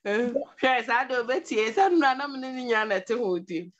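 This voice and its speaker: A woman asking a bishop a question, talking in a lively way and often laughing as she speaks. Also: on the high side, fairly quick. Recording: dull lo-fi sound.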